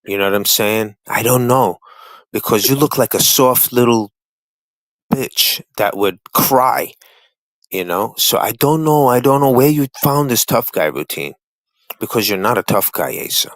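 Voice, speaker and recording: A man guesting on a livestream panel launches into a heated, profane rant, trash-talking confrontationally and repeating himself to drive his points home. His medium-pitched voice is animated yet unhurried, with no echo but low recording quality.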